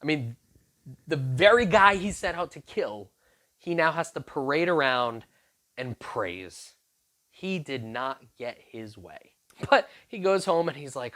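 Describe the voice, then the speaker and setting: A youth pastor giving an animated sermon, retelling a scripture story in a lively, conversational way with playful asides. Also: mid-range voice, unhurried.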